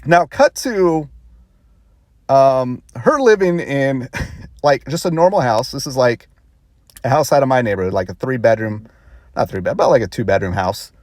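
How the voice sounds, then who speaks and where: A man's voice: medium pitch, expressive, normal speed, a little mellow, no echo, studio quality. A man vlogger telling a rambling story casually, with self-conscious laughs.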